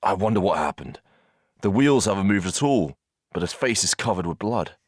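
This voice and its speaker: Narrator doing a practical conductor, clipped and urgent, low voice. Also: male voice, lively intonation, normal speed, dry recording, studio quality. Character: male train conductor, steady and practical.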